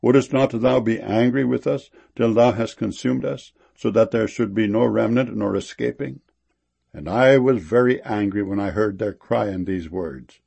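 A man reading old-style Bible verses in a measured, solemn delivery. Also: lowish voice, creaky, mellow, breathy edge. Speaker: scripture reader.

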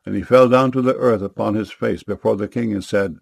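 A man reading scripture aloud in a steady, solemn manner. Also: lowish voice, a little fast, creaky, few pauses, no room sound, studio quality. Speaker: Bible reader.

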